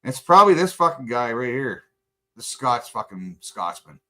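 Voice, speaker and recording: A man's voice: mid-range voice, big pitch swings, normal speed, pushed and bright. A middle-aged man from Canada, co-hosting a podcast in casual talk, who rants heatedly and swears constantly. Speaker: podcast co-host. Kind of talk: casual profane rant.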